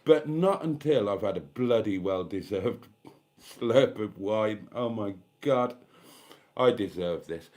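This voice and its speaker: A man's voice: fairly low pitch, lively intonation, slow pace, darkish tone. A man in his fifties from England, hosting a casual evening chat with his viewers over a glass of wine, camp and theatrical with cheeky asides. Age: 50s. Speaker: channel host.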